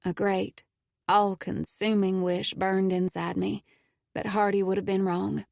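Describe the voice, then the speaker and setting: A woman narrating a first-person audiobook in a steady, intimate storytelling manner. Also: medium pitch, unhurried, gravelly, no room sound, studio quality.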